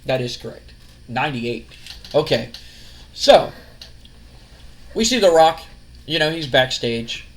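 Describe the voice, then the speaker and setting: A man's voice: medium pitch, big pitch swings, slow pace, long pauses, a little hiss or hum. A man giving casual, rambling let's-play commentary as a gaming channel host. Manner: rambling, full of fillers and restarts.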